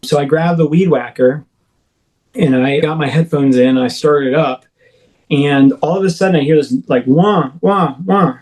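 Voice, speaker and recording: A man with a voice pitched a little above the usual tells his own story as an interview guest. His delivery is rambling, with lots of fillers and restarts, and he acts out his own shouts along the way. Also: moderate pace, low-quality recording. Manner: rambling, filler-heavy retelling with frequent "like" and restarts; animated, acting out his own shouts in quoted speech. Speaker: guest recounting personal experiences. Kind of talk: first-person storytelling in a podcast interview.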